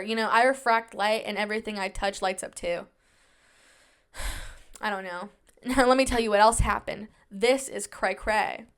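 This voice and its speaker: Her fairly high, slightly bright voice carries a young adult woman's casual solo podcast, where she talks at length with many fillers and reassures herself, calling herself shy and introverted.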